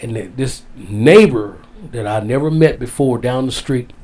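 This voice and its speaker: A man telling a heartfelt story as a guest, drawn out, dropping low and soft on the sad parts. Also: normal speed. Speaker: wrestling guest. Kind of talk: storytelling in casual interview.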